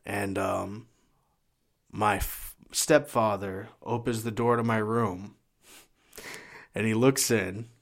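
A man giving a personal testimony as a guest, earnest and halting, often repeating his words. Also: on the low side, fairly even intonation, vocal fry. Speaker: guest sharing his life story.

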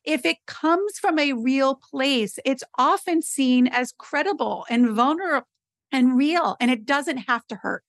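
A woman's voice: sits high, a little slow, dry recording, studio quality. A middle-aged woman, a podcast guest and advocacy expert, telling stories emphatically in casual conversation. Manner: animated storyteller, emphatic.

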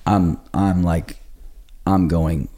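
Deep-voiced man telling a lively story. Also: drawn-out words. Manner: animated storyteller acting out quotes. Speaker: pastor telling his story. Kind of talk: casual podcast conversation.

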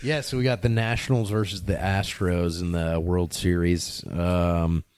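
A man in a casual podcast chat who talks in quick, relaxed interjections. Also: low voice, a little hiss or hum.

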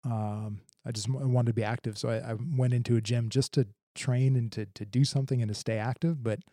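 Halting man interviewer, mellow tone. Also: mid-range voice, fairly even intonation, no room sound, studio quality. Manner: halting, many fillers and restarts. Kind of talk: casual interview chat.

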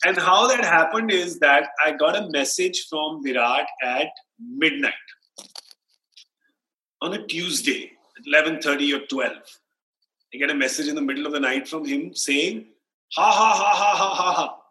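A man with an Indian English accent, a sports anchor telling lively anecdotes as a guest, acting out quotes and laughing often. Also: fairly high pitch, normal speed, echoey room, poor audio. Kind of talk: casual storytelling interview.

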